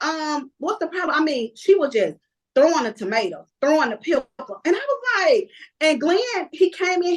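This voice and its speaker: A woman, talking as a guest in a casual interview. Her voice is high and swings widely as she tells stories. She acts out the people in them with lively energy. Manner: lively storyteller, acts out other people's lines. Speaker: reality TV cast member, guest. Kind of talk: casual interview chat, storytelling.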